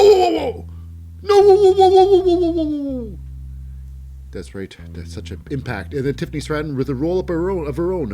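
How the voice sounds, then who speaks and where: A man's voice: mid-range voice, a little mellow. A man hosting a wrestling recap show, talking casually and cynically, rambling with hesitant fillers and mocking the wrestlers in put-on voices.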